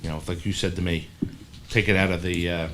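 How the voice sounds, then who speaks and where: In a noisy school board room, the man who handles the district finances explains budget figures at a board meeting. His low voice has little pitch movement, and he's matter-of-fact, reeling off quick runs of numbers.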